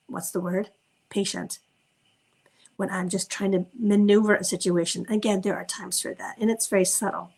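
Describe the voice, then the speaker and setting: A woman parenting coach giving an informal teaching talk, gentle and reflective, slowing down to stress key words. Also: mid-range voice, creaky, slightly rough, rough recording. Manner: gentle, reflective, slows down for emphasis.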